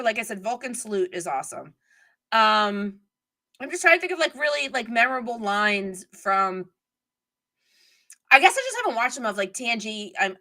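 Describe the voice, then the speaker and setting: A woman's voice: a little high, bright, forceful tone. A middle-aged woman hosting a live stream, chatting casually and digressively while reading viewer comments.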